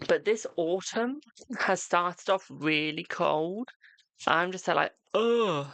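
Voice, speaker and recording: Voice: mid-range voice, slow pace, vocal fry, a bit bright, no room sound. A tarot reader chatting on a live stream at home, reading cards for viewers and calling them "my darling" between frequent laughs. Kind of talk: casual live-stream chat and card reading.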